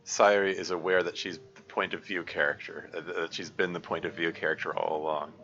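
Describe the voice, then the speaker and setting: A man's voice: sits low, steady tone, brisk, pushed and bright, dull audio, soft background music. A man giving casual, hesitant developer commentary over his own game. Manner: hesitant, many ums.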